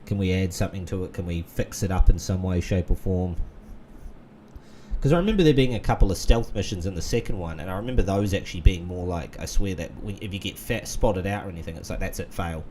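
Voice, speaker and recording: A man's voice: low-pitched, quick pace, warm tone, slight background noise. A man, rambling in casual gaming commentary full of fillers and restarts. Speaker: gaming channel host. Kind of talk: casual let's-play commentary.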